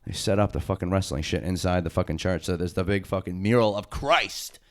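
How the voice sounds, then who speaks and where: Smooth low-voiced young man. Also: brisk. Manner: loose, excited storytelling full of slang and swearing. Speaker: podcast co-host and indie wrestler. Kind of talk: casual profane chat.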